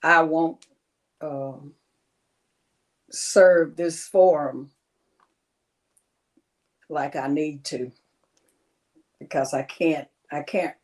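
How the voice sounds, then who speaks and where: A woman speaking as an interview guest, telling her story in a halting way with many pauses. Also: deep voice, steady tone. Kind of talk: personal interview testimony.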